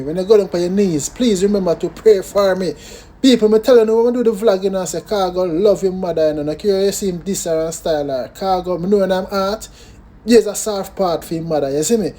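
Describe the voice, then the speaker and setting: A man with a Jamaican accent hosting a casual music commentary vlog in an animated way, tagging his lines with "you know" and "big up". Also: high-pitched, fast talker.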